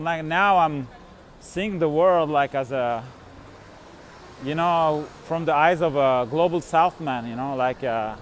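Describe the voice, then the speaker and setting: A man vlogging as he walks outdoors in a city, talking casually and rambling with many fillers, restarts and frequent laughs. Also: fairly high pitch. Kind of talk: casual walking vlog. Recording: faint street noise.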